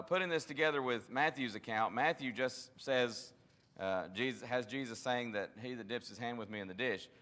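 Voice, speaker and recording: A man's voice: on the low side, a bit bright, in a large hall. A man leading a Bible study, teaching conversationally, often restarting his sentences and acting out quotes. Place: church classroom.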